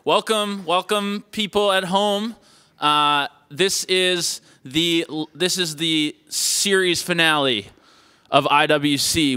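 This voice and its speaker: A man's voice: a little high, takes it slowly, sharp tone, smooth, dry recording. A man hosting a live spoken-word show on a stage mic. He talks in a jokey, rambling, playful way. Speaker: host.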